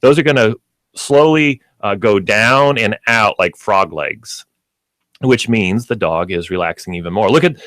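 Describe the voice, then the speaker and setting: A man's voice: fairly low pitch, measured pace, no echo. A man hosting a pet radio show, explaining dog training step by step in an instructive way. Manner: explains step by step, lively and animated.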